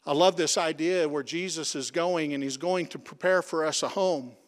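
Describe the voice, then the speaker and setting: A man's voice: on the high side, moderate pace. Man preaching in a reverberant hall. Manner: preaching with call-and-response, dropping to soft dramatic tones. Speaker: pastor. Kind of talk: sermon. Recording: long reverb of a large hall.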